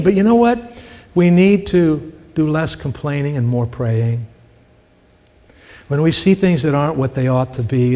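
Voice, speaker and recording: A man's voice: mid-range voice, warm tone, long reverb tail. A man preaching a sermon in a conversational way, often asking the congregation questions. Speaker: pastor.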